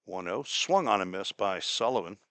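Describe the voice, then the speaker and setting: A man from Cincinnati calling a baseball game play by play, chatty and folksy, drifting into small talk between pitches. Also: lively intonation, moderate pace, bright, forceful tone, no echo. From Cincinnati, Ohio. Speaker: play-by-play announcer. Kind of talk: live baseball radio commentary.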